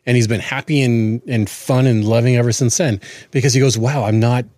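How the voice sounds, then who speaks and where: A man's voice: medium pitch, steady tone, a little fast, a little mellow, no echo, studio quality. A man in his forties co-hosting a podcast, chatting earnestly and often restarting his words. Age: 40s. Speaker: podcast co-host. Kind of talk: casual chat.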